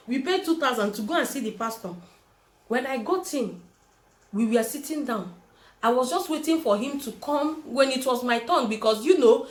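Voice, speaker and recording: A young Nigerian woman with a Nigerian accent, telling a personal story in a vlog and acting out the people she quotes. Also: sits high. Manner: animated, acts out quoted voices. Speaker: vlogger.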